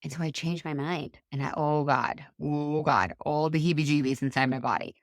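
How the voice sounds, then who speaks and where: A woman in her thirties hosting a solo coaching podcast, chatty and animated, acting out the voices in her stories. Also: deep voice, moderate pace, no echo, clean studio sound. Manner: chatty, animated, acts out quoted dialogue. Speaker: podcast host and life coach.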